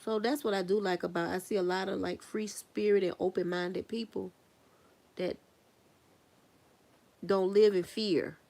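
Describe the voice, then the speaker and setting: A woman chats casually on a livestream while painting earrings, rambling and musing aloud, laughing at her own thoughts and putting questions straight to viewers. Her mid-range voice is gravelly and dark, with fairly even intonation, a measured pace, and long pauses.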